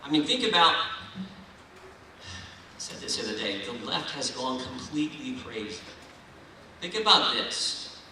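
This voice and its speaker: A man's voice: fairly high pitch, pushed and bright, a little hiss or hum. Folksy man speaking in an echoey hall. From Ohio. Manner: folksy, storytelling, rousing. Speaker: keynote speaker. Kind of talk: political dinner speech. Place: large banquet hall. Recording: echoey hall, mic heard from far.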